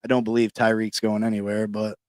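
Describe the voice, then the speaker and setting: A man hosting a casual sports podcast, talking in hyped-up slang and shouting out people in the chat. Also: on the low side, monotone, fairly quick, clean tone, no echo, clean studio sound. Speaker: podcast host. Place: New York.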